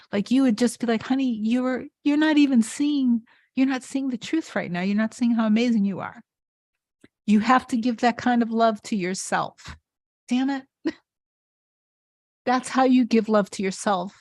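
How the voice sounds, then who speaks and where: A woman's voice: medium pitch, darkish tone, dry recording. A woman hosting a live stream as a manifestation coach, speaking earnestly and emphatically, repeating and restarting her phrases. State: tearful near the end. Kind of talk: impassioned spiritual coaching on a livestream.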